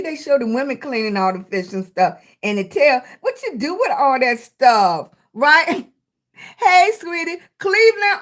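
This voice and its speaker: Speaking unhurriedly in a bright, high voice, a middle-aged Southern livestream host welcomes her chat viewers by name with endearments like "sweetie" and "baby." She's warm and motivational, cheering everyone on to keep at it.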